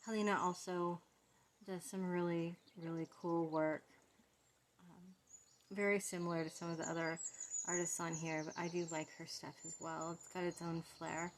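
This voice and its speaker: A woman giving a casual walkthrough of a tarot deck, soft-spoken and fond as she muses over each card. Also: fairly low pitch, little pitch movement, normal speed, a little hiss or hum.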